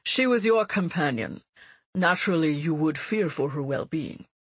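A woman voicing a nasal, uneasy male prime minister in an audiobook, slightly husky. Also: deep voice, animated, normal speed, dry recording. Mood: placating.

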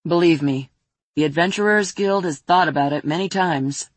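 A woman reads a grave adult adventurer in a lowered, breathy voice. He answers flatly, with tired certainty. The sound is dry and close. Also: moderate pace, no echo, natural voice. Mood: calm, firm. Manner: flat, serious, matter-of-fact. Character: stern adult male adventurer, calm, weary.

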